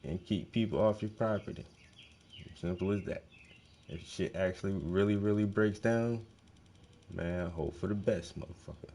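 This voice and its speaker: A man with a low, deep voice talks in a loose, casual monologue. He is blunt and swears constantly, circling back on words to hammer a point home. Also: normal speed, mellow. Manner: profane, blunt, emphatic, repeats words. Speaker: host.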